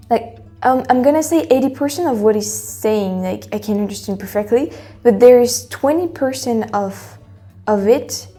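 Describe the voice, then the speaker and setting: A woman's voice: on the high side, dark tone. A woman from France with a French accent, a native French speaker chatting casually in English as a reaction-video host, rambling with lots of fillers and restarts. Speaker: YouTube host.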